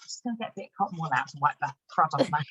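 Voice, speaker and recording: A woman leads an online training session for new consultants over a video call, chatty and upbeat, laughing often and showing products as she explains them. Her voice sits low yet has a fairly bright, husky tone, and she talks animatedly at a very fast clip. The audio quality is poor.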